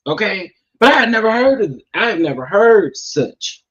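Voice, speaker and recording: A man doing casual gossip commentary, sassy and animated, talking straight to his viewers. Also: high-pitched, moderate pace, highs cut off. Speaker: commentary vlogger.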